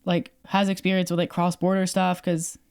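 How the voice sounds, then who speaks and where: A woman's voice: fairly low pitch, flat delivery, moderate pace, darkish tone, clean tone. A young adult woman from Canada, co-hosting a podcast and telling a story in casual chat, acting out quoted dialogue with lots of fillers. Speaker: podcast co-host.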